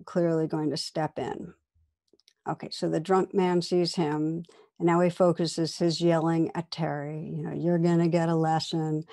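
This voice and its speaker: Woman, meditation teacher, dharma talk, gentle, measured, warm mellow tone. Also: sits low. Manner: gentle, measured, at times softly whispered.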